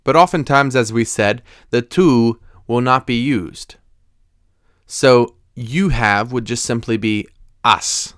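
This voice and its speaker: A man teaching a recorded language lesson, explaining slowly and deliberately with careful pronunciation. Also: medium pitch, a bit bright, no room sound, studio quality. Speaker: Spanish teacher.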